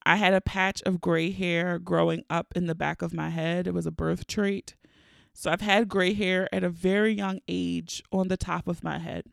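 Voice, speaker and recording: A woman in her thirties hosting a solo podcast, telling candid, profane, expressive comedic stories. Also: lowish voice, moderate pace, gravelly, dry recording, studio quality. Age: 30s. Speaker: podcast host. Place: home recording during lockdown.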